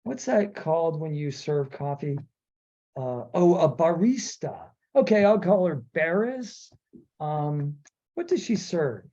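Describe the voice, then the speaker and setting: Brief: man impersonating a smug filmmaker thinking aloud, casual podcast impression, dull low-fidelity sound. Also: animated, takes it slowly, warm tone. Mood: musing. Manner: idly thinking aloud, pleased with himself. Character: filmmaker musing to himself while naming characters. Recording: dull lo-fi audio.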